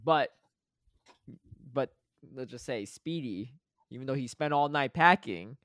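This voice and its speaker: Lively-voiced man teasing on a podcast. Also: medium pitch, a little slow, no room sound, studio quality. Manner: laughs often, teasing. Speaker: podcast co-host. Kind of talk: casual chat.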